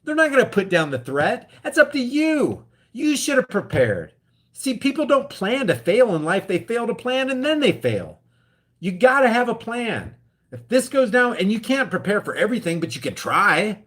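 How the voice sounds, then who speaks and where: A man's voice: very high voice, very animated, moderate pace, fairly bright tone. A middle-aged man vlogging, ranting with passion in political commentary and reading out viewer comments on a live stream. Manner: impassioned ranting, acts out scared voices. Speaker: political vlogger reacting to a clip.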